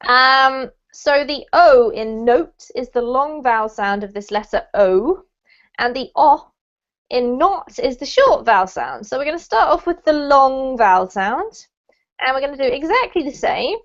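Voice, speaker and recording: A high-voiced woman teaches pronunciation over a video call, patient and encouraging. She spells out the emphasis carefully, and the audio comes through dull and lo-fi. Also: lively intonation, unhurried. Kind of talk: online class drills.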